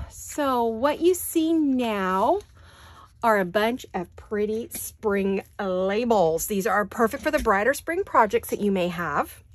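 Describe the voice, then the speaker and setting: A woman's voice: mid-range voice, dry recording. A woman hosting a casual crafting chat from her home studio, chatty and gushing about her projects. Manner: chatty and gushing, with sighs and little laughs. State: out of breath. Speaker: crafting channel host.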